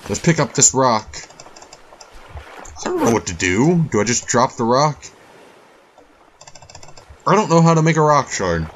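A man's voice: medium pitch, big pitch swings, a little slow, pauses often, slight background noise. A man doing let's-play commentary on a survival game, rambling and easily frustrated, talking to things in the game. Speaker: gaming YouTuber.

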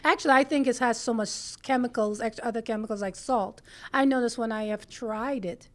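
A woman's voice: on the high side, fairly quick. A woman hosting a talk show in casual chat, asking curious questions.

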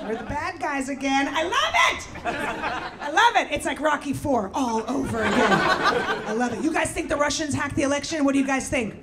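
A middle-aged woman from the former Soviet Union doing a stand-up set, brash and shouting her punchlines with mock-gentle asides. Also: high-pitched, animated, moderate pace. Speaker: stand-up comedian. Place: comedy venue with live audience. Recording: loud crowd and room noise. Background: audience laughter.

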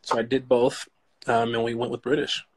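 A man being interviewed as an actor guest, telling stories in a relaxed way with lots of "you know". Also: mid-range voice, moderate pace. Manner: relaxed storytelling, says "you know" a lot. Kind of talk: casual interview chat.

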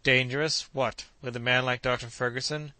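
A man's voice: medium pitch, fairly even intonation, moderate pace, bright, forceful tone, no echo. Man reading Joe, an eager cheerful manservant. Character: cheerful loyal young manservant, optimistic.

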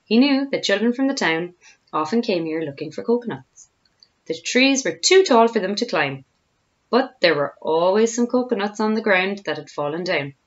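A woman, a teacher, reading a children's storybook aloud with expressive storytelling. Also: medium pitch, normal speed, lo-fi sound.

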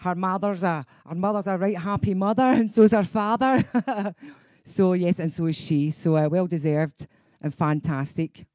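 A woman's voice: fairly low pitch, normal speed, darkish tone, no room sound, clean studio sound. A middle-aged woman with a Scottish accent, a singing teacher hosting a casual live stream, chatty and laughing, going off on tangents.

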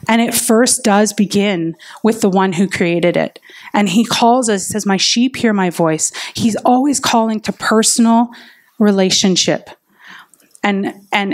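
A woman preaching a sermon in an earnest, personal way, telling stories of her own faith. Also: mid-range voice. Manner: earnest and personal, with lively retold inner dialogue.

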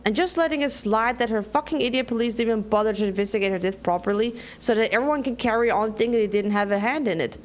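A woman's voice: a little high, quick pace, few pauses, lightly acted. A woman reading aloud a furious young woman ranting against her hometown in a narrative game. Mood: angry. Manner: angry, ranting. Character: furious young woman denouncing a small town.

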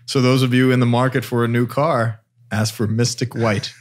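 A man co-hosting a casual podcast, playful and quick to react and laugh. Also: mid-range voice, little pitch movement. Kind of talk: casual chat.

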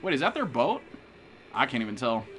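This young American man talks at medium pitch, a little fast and very animated, with a fairly bright tone over soft background music. He's live-streaming a game and trash-talking, packing in swearing and hype as he chats with his viewers.

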